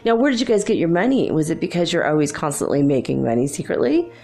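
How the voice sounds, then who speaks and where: A woman's voice: deep voice, sing-song, fast, warm tone, soft background music. A woman working as a psychic medium, chatting casually and giggling as she relays what spirits tell her. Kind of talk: casual live channeling session.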